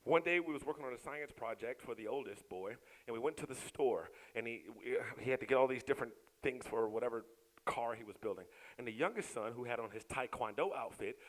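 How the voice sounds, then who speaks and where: A middle-aged man doing a stand-up comedy set, who bursts into loud shouts when he acts out scenes. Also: mid-range voice, lively intonation, brisk, poor audio.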